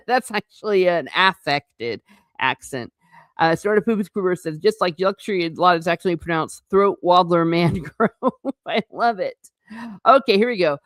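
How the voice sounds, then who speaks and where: A woman hosts a relaxed livestream and talks in a rambling, chatty way, often breaking into laughter and correcting herself. Her voice sits low for a woman. The sound is close and dry, with no room echo at all. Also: normal speed. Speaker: livestream host; former teacher. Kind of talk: casual livestream chat reading comments.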